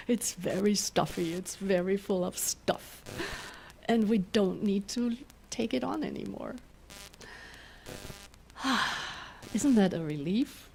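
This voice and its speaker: A woman minister gives a gentle spiritual talk in a middle-range voice, laughing often as she leads her listeners through slow breaths. A faint hum of room noise sits behind her. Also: medium pitch, gravelly. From German-speaking Europe. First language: German. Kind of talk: spiritual talk with guided exercises.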